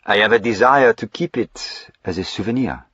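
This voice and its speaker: A cool, mocking gentleman highwayman with a French accent, as a man reads him aloud. His deep, husky voice stays slow and courteous even while giving orders. The storybook recording sounds slightly muffled. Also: dry recording. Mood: ironic. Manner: polite, ironic, commanding.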